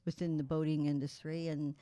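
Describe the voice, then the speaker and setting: A woman, a guest telling lively anecdotes in a casual chat. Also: sits low, a little fast, no room sound. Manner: animated, laughing anecdotes.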